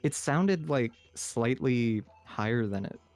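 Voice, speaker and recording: A man's voice: medium pitch, expressive, takes it slowly, a little mellow. A man with a slight lisp and a general American accent, rambling through a casual podcast chat with lots of fillers. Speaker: podcast co-host.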